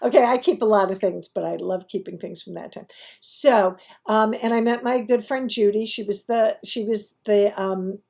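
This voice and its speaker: Warm, husky New York woman storyteller. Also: mid-range voice, normal speed. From Brooklyn, New York. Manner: chatty, digressive, self-mocking asides. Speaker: YouTube host. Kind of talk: casual storytelling to camera. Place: at home.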